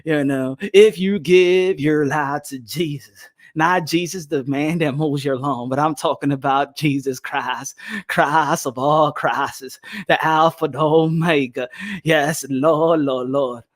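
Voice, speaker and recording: A man voicing a mellow, soft-spoken male TV preacher in a mock sermon, slow and soothing. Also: on the high side, fairly even intonation, no room sound, clean studio sound, voice pushed down.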